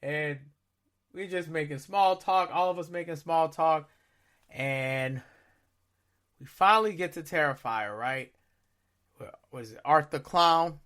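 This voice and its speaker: A man in his thirties with a high, bright voice tells a story in easygoing podcast chat. He is animated and acts out his own reactions, sometimes breaking into loud shouts. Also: a little slow, pauses often. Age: 30s. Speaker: podcast co-host. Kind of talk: casual storytelling.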